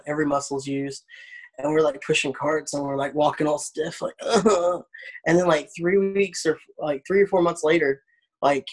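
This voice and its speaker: A young man chats casually, telling stories with animated energy and plenty of swearing. His delivery stays loose and conversational. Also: fairly high pitch. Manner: animated, profane storyteller. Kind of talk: casual unedited chat.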